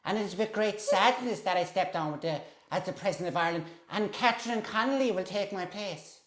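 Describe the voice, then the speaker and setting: A man's voice: high-pitched, brisk, fairly bright tone, pitched above the performer's own voice. A man doing an impression of an elderly male head of state, declaiming in a raised, indignant voice. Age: older. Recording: roomy echo.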